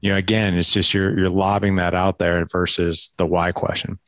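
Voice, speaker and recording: A man guest on a podcast, telling parenting stories in an animated way and acting out talks with his kids, with a lot of "like" and "right?". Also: deep voice, moderate pace, slight background noise. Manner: animated storytelling, acts out dialogue with his kids; filler-heavy, frequent "like" and "right?". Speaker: podcast guest, dad coach. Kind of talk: conversational interview.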